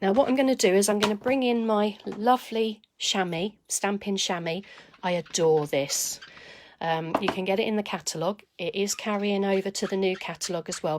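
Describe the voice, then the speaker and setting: A woman's voice: medium pitch, noisy background. Chatty woman demonstrating papercraft. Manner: chatty, greets viewers by name mid-task; talks while stamping, quiet asides. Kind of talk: live crafting demonstration.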